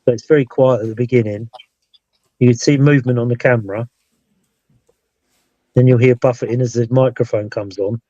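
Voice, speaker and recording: He's a British paranormal investigator hosting a casual live show, rambling and restarting his sentences. His warm, medium-pitched voice stays fairly even and moves a little fast, broken by long pauses. The recording is dull, dry, and lo-fi, with no room sound.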